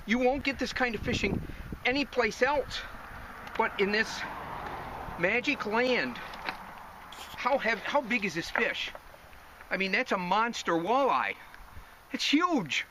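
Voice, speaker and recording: Breathless man fishing outdoors, excited. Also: on the high side, noisy background. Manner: excited, folksy, talks to viewers directly. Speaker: fishing show host. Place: outdoors on a river bank.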